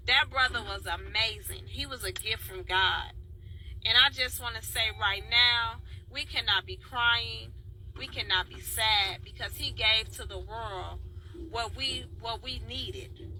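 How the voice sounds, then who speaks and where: A woman with a Chicago accent speaks in a loose, heartfelt vlog, stopping to greet her viewers by name. Her voice is bright and sharp, sitting a little high. Faint traffic hums behind her. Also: unhurried, low-quality recording. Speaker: dance video blogger. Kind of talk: casual spoken vlog.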